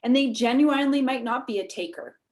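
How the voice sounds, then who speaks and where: A woman's voice: high-pitched, a little fast, a little mellow. A woman with a Canadian accent, talking animatedly as a guest in a podcast interview, laughing often. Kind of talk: casual interview.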